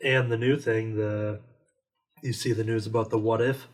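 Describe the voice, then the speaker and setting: A man's voice: fairly low pitch, fairly even intonation, normal speed. Rambling man in casual movie chat. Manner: rambling, heavy on "like" fillers. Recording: distant mic with faint noise.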